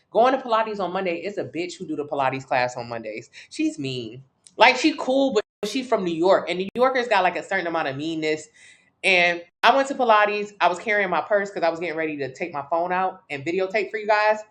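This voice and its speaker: A woman's voice: on the low side, animated, fast. A woman from Miami hosting a casual livestream from her couch, talking bluntly and profanely while answering viewer comments. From Miami, Florida. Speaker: livestream host.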